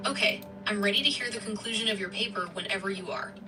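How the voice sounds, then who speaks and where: Fast polite synthetic woman. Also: mid-range voice, recorded from a distance, over music. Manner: eager, polite, helpful. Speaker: AI voice assistant. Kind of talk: polite assistant reply.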